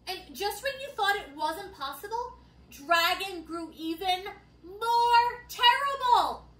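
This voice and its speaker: Storytime reader, woman: very high, bright, lively read-aloud with playful asides; echoey room. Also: takes it slowly. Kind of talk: reading a picture book aloud to children.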